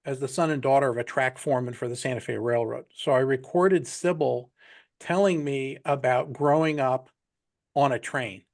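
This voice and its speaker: A man hosting a group video call who tells a story in a rambling way, full of "you know" and "right". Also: medium pitch.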